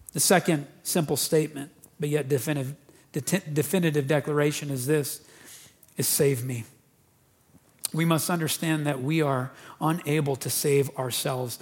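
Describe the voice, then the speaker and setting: Emphatic pastor with a high voice. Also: male voice. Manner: emphatic, repeats key phrases for emphasis. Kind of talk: sermon. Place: church.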